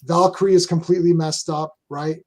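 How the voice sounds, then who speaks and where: A Canadian man talks casually as host, with a voice sitting a little high for a man. He rambles through strong opinions, stopping and restarting his sentences often. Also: flat delivery, brisk, a little mellow. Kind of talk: casual chat.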